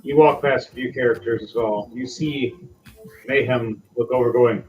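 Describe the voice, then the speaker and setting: A man's voice: mid-range voice, steady tone, moderate pace, darkish tone, recorded from a distance. A man game master narrating a tabletop game in a casual, loose manner with many fillers. His voice comes through dull and lo-fi, with faint music in the background.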